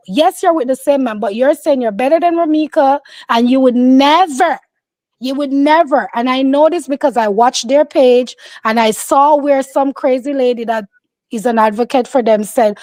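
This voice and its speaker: A woman's voice: sits high, measured pace, a little mellow, no echo. A woman giving casual, opinionated commentary, emphatic and insistent, acting out the voices of people she quotes.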